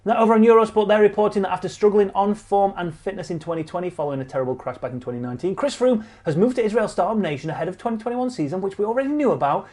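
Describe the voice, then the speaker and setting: A man hosts casual cycling news in a blunt, sarcastic way. His voice sits fairly high, and he swears freely and repeats lines for emphasis. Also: animated, very fast, hardly any pauses, a little mellow. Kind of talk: casual online news commentary.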